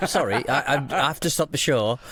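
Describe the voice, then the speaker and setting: A man's voice: mid-range voice, lively intonation, brisk, over a noisy crowd. A man with a Northeast English accent co-hosting a podcast, bantering casually and cutting in with playful jokes. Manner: playful, teasing, cuts in with jokes. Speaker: podcast co-host.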